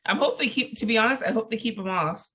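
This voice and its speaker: A woman's voice: a little high, animated, quick pace, a bit bright, slightly rough. A woman co-hosting a casual chat show, laid-back and teasing, laughing easily. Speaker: podcast co-host.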